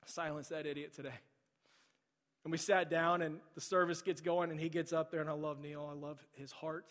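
Pastor preaching in a reverberant sanctuary. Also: male voice, a little high, flat delivery, normal speed. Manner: storytelling, then soft pleading repetition. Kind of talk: sermon. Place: large church sanctuary. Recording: long hall reverb.

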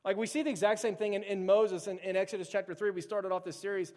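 Pastor guy, high voice, chatty animated sermon, lots of "like", big hall echo. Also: quick pace. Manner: casual, animated, acts out frightened biblical figures with filler "like". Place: church sanctuary. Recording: long hall reverb.

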